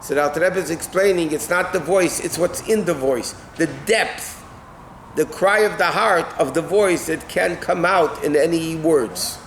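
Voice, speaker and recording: A rabbi with a somewhat high voice leads a class, translating and explaining each phrase in turn and checking in with "okay?" along the way. He sounds like he is in a roomy, echoing classroom, with faint background noise under the talk. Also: moderate pace, fairly bright tone. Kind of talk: text-based Torah class. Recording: echoey room with faint ambient noise.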